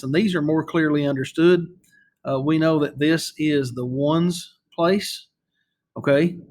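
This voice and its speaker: A man teaching a recorded math lesson, patient and repeating himself, often checking in with "okay?" as he writes on the screen. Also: a little high.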